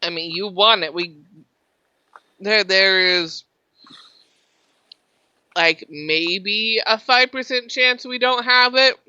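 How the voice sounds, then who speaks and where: A woman running a tabletop game as game master, narrating in a relaxed, chatty way. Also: mid-range voice, slow pace, pauses often, smooth, no room sound, dull audio. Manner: relaxed, chatty, filler-heavy.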